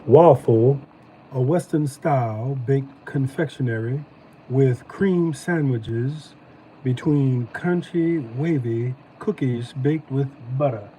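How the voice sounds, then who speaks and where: A man doing a slow, drawn-out southern voice while reading a snack label aloud. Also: mid-range voice, warm tone, far from the mic, slight background noise, natural voice, rough recording. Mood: drawling. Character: man in a put-on drawling southern voice.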